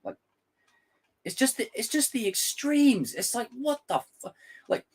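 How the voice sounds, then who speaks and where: A man's voice: very high voice, a little slow, slightly rough. Livestream host, man, casual and ranty, voice jumps all over the place, swears a lot. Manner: animated, ranting, swears freely, mocks with exaggerated voices. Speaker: YouTube host reacting to a trailer.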